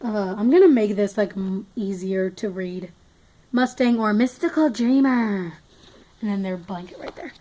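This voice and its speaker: A woman's voice: medium pitch, a little slow, mellow, rough recording. A woman giving a casual, rambling tour of her toy collection, often scattered and poking fun at herself. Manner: rambling, self-mocking, scattered, chatty. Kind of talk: casual chat.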